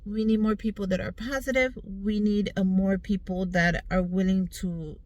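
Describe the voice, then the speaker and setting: In a casual vlog filmed from a parked car in sunshine, a woman in her thirties earnestly and upbeatly describes her health journey to viewers. She speaks in a steady, mid-range, darkish voice at a moderate pace, and the audio sounds dull.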